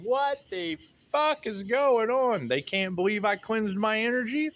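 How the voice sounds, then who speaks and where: A man's voice: a little high, fairly bright tone, a little hiss or hum. A man giving a rambling, sardonic and profane monologue as a tarot reader, often repeating himself.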